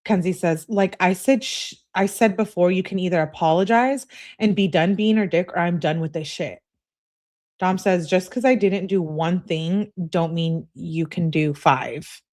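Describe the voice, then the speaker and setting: A woman's voice: lowish voice, a little slow, darkish tone. A woman commentating on a true crime case, reading out text messages and reacting bluntly with sarcasm and swearing.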